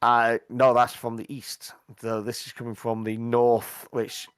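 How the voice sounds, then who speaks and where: A man narrating as game master, hesitant and full of pauses. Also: medium pitch, monotone, clean tone, no room sound, studio quality. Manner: hesitant, full of ums and restarts.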